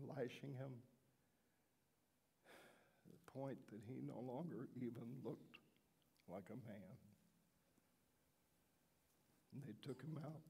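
An actor playing a remorseful Roman governor who justifies himself in a dramatic first-person monologue, his delivery earnest, swinging from shouts to hushed tones. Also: medium pitch, creaky, husky, in a large hall, full character voice. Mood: grim.

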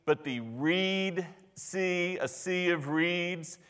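Smug male professor, condescending lecture tone, slow delivery with long hall reverb, as a preacher puts him on. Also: high voice, fairly bright tone, smooth, heavily acted. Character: smug liberal male Old Testament professor.

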